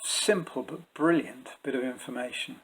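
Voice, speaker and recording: A man teaching Shakespeare's verse in a measured, explanatory way, pausing to think as he goes. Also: medium pitch, breathy edge, poor audio. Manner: measured and explanatory, with thoughtful pauses and fillers. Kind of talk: spoken lesson to camera.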